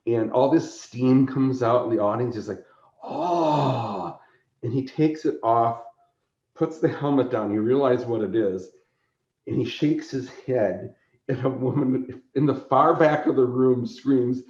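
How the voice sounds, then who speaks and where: A man, a convention organizer appearing as a podcast guest, telling an animated story, laughing often and acting out quotes. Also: mid-range voice, measured pace. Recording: roomy echo, dull lo-fi sound.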